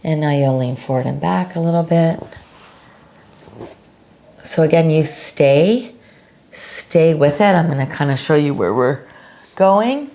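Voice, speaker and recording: A woman teaching a restorative yoga class, giving calm, unhurried cues with casual fillers. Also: low-pitched. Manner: slow, calm cueing with fillers. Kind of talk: guided yoga instruction.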